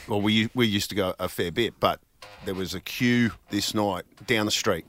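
A man's voice: lowish voice, moderate pace, fairly bright tone, soft background music. An Australian man hosting a radio show, telling stories in laid-back, slangy banter. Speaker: radio host. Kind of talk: casual banter.

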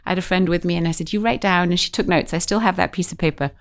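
A middle-aged woman tells a story from her own life in a relaxed interview. Her voice sits a little low, and she speaks in an animated way, acting out the people she quotes. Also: racing. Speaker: guest. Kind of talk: casual storytelling.

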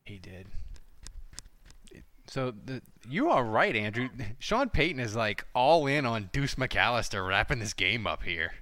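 Animated man laughing through a game rewatch. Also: mid-range voice, measured pace, no echo. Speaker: podcast co-host. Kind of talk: casual sports rewatch chat. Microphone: breathy, close to the mic.

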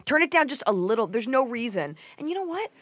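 Animated woman podcast host, dry close mic. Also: quick pace, dry recording. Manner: animated storytelling, swears freely, mimics others in a shrill voice. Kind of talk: casual comedic chat.

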